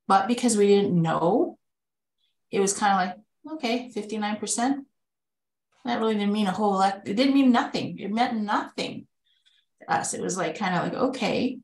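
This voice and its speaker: A woman's voice: medium pitch, echoey room, poor audio. A woman telling a candid personal story in a conversational way, acting out the dialogue she quotes. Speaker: spouse of a kidney patient, webinar speaker.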